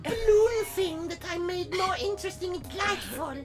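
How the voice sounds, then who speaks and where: Woman doing a super high-pitched, giddy mistress who reshapes her servants, with music playing behind. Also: animated, moderate pace. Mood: delighted. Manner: gushing, delighted, airy. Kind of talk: tabletop role-play. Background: background music.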